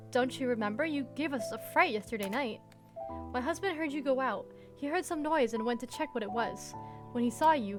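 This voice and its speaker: Kindly older housekeeper, motherly and superstitious, read by a woman, fairly high voice, soft music behind. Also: natural voice. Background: background music.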